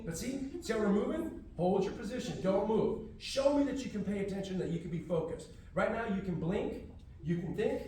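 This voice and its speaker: A man's voice: sits high, dark tone, a little hiss or hum. A man from Houston teaching a martial arts class to kids and parents in a firm, commanding, drill-like way. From Houston, Texas. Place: library room, echoey. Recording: echoey room, from far off.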